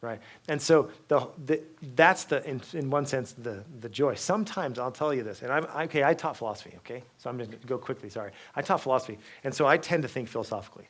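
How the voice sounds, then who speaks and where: A man giving a university talk, telling stories lively with frequent asides, restarts and "okay?" check-ins to the audience. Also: medium pitch, fast, hardly any pauses. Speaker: guest speaker. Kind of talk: university lecture.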